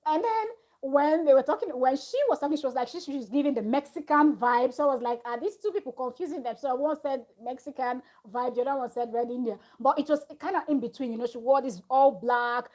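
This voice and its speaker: A woman's voice: high-pitched, fairly quick, a little mellow. Chatty woman recapping gossip. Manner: chatty, gossipy, laughs often. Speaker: reality TV reviewer. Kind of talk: casual recap chat.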